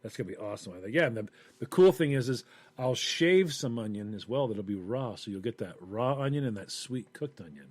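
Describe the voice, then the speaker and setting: A man chatting casually, telling a story with lively acted-out quotes. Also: mid-range voice, moderate pace, no room sound. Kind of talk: casual chat.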